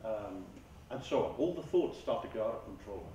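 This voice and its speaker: A man's voice: medium pitch, expressive, dark tone, slight background noise. Male speaker, reflective school-hall lecture, heard from a distance with lots of hall echo. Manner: measured, earnest, repeats words as he speaks. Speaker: mindfulness therapist giving a lecture. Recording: echoey hall, far from the mic, faint ambience.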